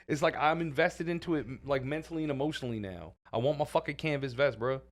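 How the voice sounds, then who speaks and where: A man, co-hosting a podcast in casual banter, telling animated stories, swearing freely and laughing often. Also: medium pitch, fast talker. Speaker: podcast co-host.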